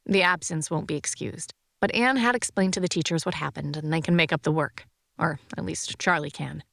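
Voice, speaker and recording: A woman reading a science fiction audiobook in an even, measured narration. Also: low voice, vocal fry, dry recording, clean studio sound.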